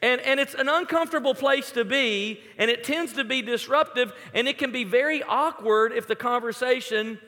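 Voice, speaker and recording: A man's voice: very high-pitched, moderate pace, hardly any pauses, sharp tone. A young man preaching a sermon in a conversational, storytelling way. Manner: conversational, storytelling with acted-out quotes. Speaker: pastor. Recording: long hall reverb.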